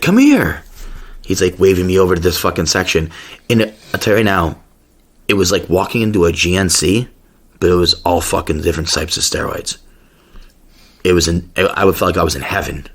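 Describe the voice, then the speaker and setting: A man's voice: low-pitched, husky. A man hosting a podcast, telling a rambling, profane story in a casual rant. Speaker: podcast host.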